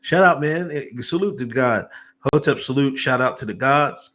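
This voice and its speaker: Male co-host with a bright edgy voice, laughing and hyped. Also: medium pitch, moderate pace. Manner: laughing, hyped, reads viewer shout-outs. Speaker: podcast co-host. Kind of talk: casual podcast chat.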